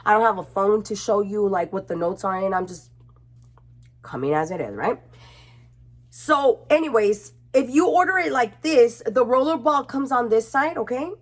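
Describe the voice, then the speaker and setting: Young woman, chatty beauty vlogger, cussing casually, slightly high voice, camera mic at home. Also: normal speed. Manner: chatty and expressive, swearing freely.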